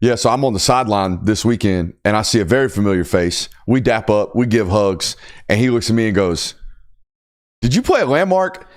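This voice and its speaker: With a lowish voice and a brisk pace, a young man runs a football podcast. His casual sports talk is animated and emphatic, sometimes turning into a rant.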